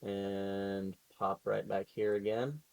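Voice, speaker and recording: Laid-back, lowish-voiced man player. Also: little pitch movement, slow, gravelly, darkish tone, no room sound. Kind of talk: casual tabletop game chat.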